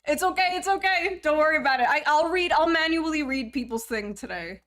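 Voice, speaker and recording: A woman's voice: high voice, expressive, fairly quick, fairly bright tone. A young woman streamer chatting casually to her viewers, joking, rambling and poking fun at herself. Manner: joking, rambling, self-mocking. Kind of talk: casual live-stream chat.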